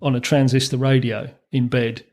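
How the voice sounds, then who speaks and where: A gravelly-voiced man in his fifties, sharing long anecdotes as an interview guest. He chuckles as he talks and loops back with ums and false starts, a rough grain running under his ordinary mid-range voice. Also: medium pitch, level tone, moderate pace, darkish tone. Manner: anecdotal, chuckles through his stories, many ums and restarts. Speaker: guest, former racing mechanic. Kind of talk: storytelling in a podcast interview.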